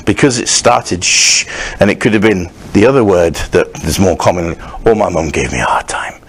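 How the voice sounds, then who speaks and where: A man's voice: on the low side, lively intonation, moderate pace. A man preaching a sermon as pastor, talking in a conversational, wandering way with frequent restarts and humorous asides. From Scotland.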